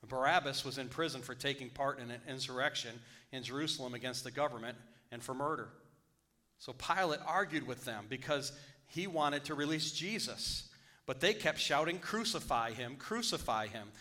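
A man preaching a sermon, his voice bright and forceful at a middling pitch. He reads scripture, then preaches, falling to a near hush and climbing back up loud. He drives his points home by repeating them. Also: normal speed. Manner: repeats phrases for emphasis. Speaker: pastor.

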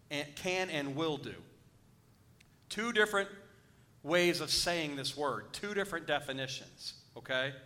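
Bright, emphatic male preacher. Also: fairly high pitch. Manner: emphatic, checks in with the congregation. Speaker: pastor. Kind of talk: sermon.

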